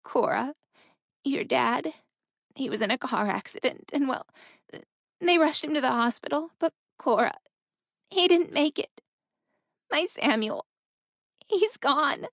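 A woman's voice: high-pitched, animated, slow pace, gravelly, pauses often, a bit bright, dry recording, clean studio sound, pitched above the performer's own voice, heavily acted. A woman voicing a grieving mother who cries and speaks barely above a whisper. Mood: sobbing. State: crying. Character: grieving older mother sobbing on the phone.

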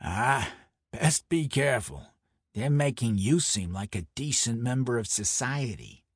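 A man's voice: mid-range voice, animated, breathy edge, dry recording, studio quality. A man voicing a brash middle-aged mob enforcer with a Brooklyn accent, boisterous and needling. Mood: jovial, teasing. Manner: boisterous, needling, quick to anger. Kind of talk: audiobook character voice.

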